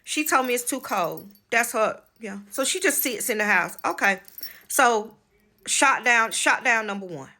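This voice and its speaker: A woman with a bright, forceful voice tells a personal story straight to her viewers in a casual vlog. She is frank and emphatic, calls her audience y'all, and swears freely. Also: fairly high pitch, animated, unhurried. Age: adult, married with children. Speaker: spiritual channel host.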